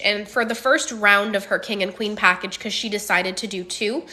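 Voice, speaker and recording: A woman coach hosting a casual interview, chatty and frank with quick asides. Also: medium pitch, sharp tone. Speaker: manifestation coach, host.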